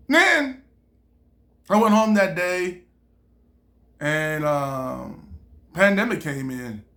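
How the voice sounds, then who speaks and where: A male comedian speaking straight to the listener in a loose, casual monologue. His delivery is animated and broken up with laughter, and he slips into different voices whenever he quotes someone. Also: a little high, very slow, pauses often. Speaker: stand-up comedian.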